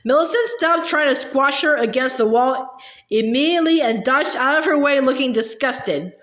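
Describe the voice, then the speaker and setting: A woman narrating an audiobook in a steady, lightly expressive storytelling manner, with small slips, in an indoor room. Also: high voice, normal speed. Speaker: audiobook reader. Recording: roomy echo.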